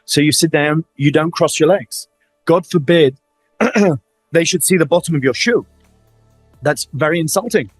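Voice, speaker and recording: Animated middle-aged man with a Middle Eastern accent. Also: on the high side, unhurried, pauses often, husky, no room sound, soft background music. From Middle East. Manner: animated storytelling, acts out quoted lines, frequent repeats. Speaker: interview guest, family office advisor. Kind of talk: conversational fireside chat.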